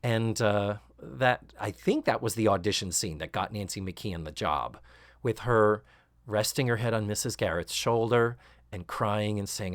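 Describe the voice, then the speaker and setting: A man hosting a podcast, recapping a sitcom episode casually and sarcastically, acting out quoted lines in higher voices. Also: moderate pace, dry recording, clean studio sound. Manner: animated, sarcastic, acts out quotes with rising shrieks. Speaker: podcast host.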